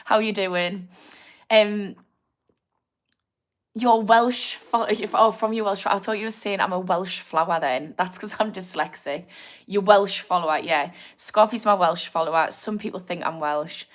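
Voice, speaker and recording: Hosting a laid-back livestream, this addiction therapist from the north of England speaks in a broad Newcastle Geordie accent, chatting directly to her audience and reading their comments aloud. Friendly and encouraging, she laughs readily and swears occasionally. Her voice is mid-range and unhurried.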